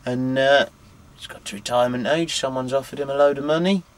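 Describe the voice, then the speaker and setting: A man's voice: medium pitch, fairly even intonation, brisk. A man from England in his twenties, a truck driver telling stories in a casual interview, full of "you know" fillers. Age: 20s. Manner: chatty, anecdotal, many "you know" fillers. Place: outdoors at a harbour.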